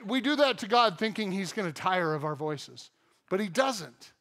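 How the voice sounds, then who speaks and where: A Midwestern American man in his thirties gives a casual, humorous sermon from a church stage. His voice sits high for a man, and he drifts from chatty asides into loud bursts. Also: expressive, normal speed. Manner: conversational, jokey preaching with sudden loud outbursts. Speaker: pastor. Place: church auditorium.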